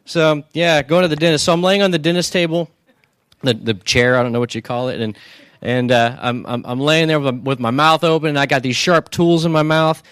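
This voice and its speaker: A man's voice: a little high, fairly quick, a bit bright, smooth, dry recording, studio quality. A man preaching a humorous sermon, telling comic stories and checking in with the crowd with rhetorical questions. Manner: joking storyteller who keeps asking the crowd "right?". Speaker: pastor.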